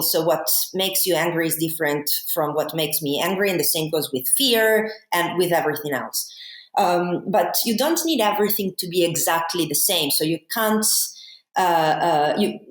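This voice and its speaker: A woman talks through academic ideas on a podcast, pausing on fillers as she builds each point. Her voice sits on the low side for a woman. The room around her adds a noticeable echo. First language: Italian. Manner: thoughtful, explanatory, many fillers. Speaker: philosophy guest. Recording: echoey room.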